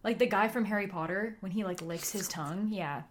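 A woman's voice: mid-range voice, a little fast. A woman in her twenties co-hosting a podcast in casual chat, rambling with lots of fillers and frequent laughter. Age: 20s. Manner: giggly, rambling with many "like" fillers. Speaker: podcast co-host.

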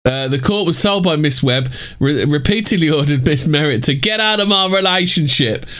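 A man's voice: on the high side, animated, moderate pace, fairly bright tone. A man hosting a crude casual chat, reading out news with sarcastic asides and frequent laughs. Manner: laughs often, reads headlines aloud with sarcastic asides.

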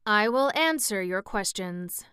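A woman's voice: mid-range voice, animated, measured pace, pushed and bright, clean tone, no room sound, studio quality. A woman voicing a sly, grudging old female witch in a storybook reading, reluctant and evasive in her answers.

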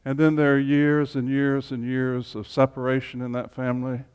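A man's voice: mid-range voice, monotone, moderate pace, a little mellow, smooth. A man leading a Bible study group, teaching in an informal, chatty way with humorous asides. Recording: long reverb in a hall.

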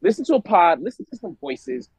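A man co-hosting a podcast, talking in a rambling, animated way with frequent restarts. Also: high-pitched, brisk, creaky, husky, no room sound, low-quality recording. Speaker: podcast co-host. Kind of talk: casual chat.

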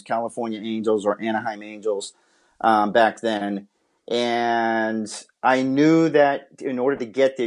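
A man from Massachusetts, a podcast guest, telling his life story in an earnest, heartfelt way. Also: medium pitch. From Massachusetts, USA. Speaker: interview guest, former pitcher and scout. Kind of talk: personal storytelling in a podcast interview.

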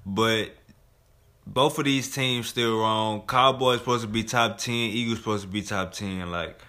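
Man, podcast co-host, lowish voice, bright tone, profane casual banter. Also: a little slow. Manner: loose, profane, slangy banter with constant filler phrases. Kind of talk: casual chat.

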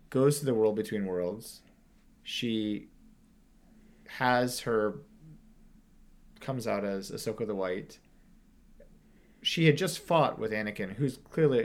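A man in a casual podcast discussion, talking in an animated, loose way and swearing freely. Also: on the low side.

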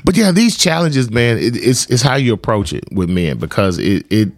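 A middle-aged man hosting a podcast in casual chat, animated and laughing, swinging from loud outbursts to low, earnest talk. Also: moderate pace, no echo, studio quality. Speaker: podcast host.

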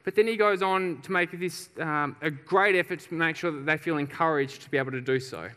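Lively man preaching in a hall. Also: on the high side, fairly quick, clear, resonant tone. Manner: lively storyteller, laughs often, acts out shouts. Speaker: pastor. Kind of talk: sermon with personal story. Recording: reverberant hall.

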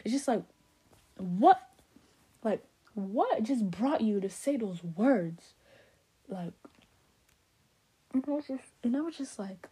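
A young woman with Haitian roots giving her opinions in a sassy, animated way, full of "like" and rhetorical questions. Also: a little high, normal speed, pauses often, slightly rough. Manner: sassy, animated, lots of fillers. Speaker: vlogger. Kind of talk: casual opinion rant.

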